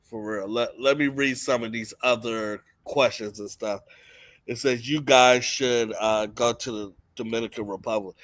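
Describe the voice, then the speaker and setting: A man's voice: mid-range voice, fairly even intonation, unhurried, fairly bright tone, no room sound. A young man co-hosting a casual streamed chat, blunt and frank, reading viewer questions aloud. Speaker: co-host.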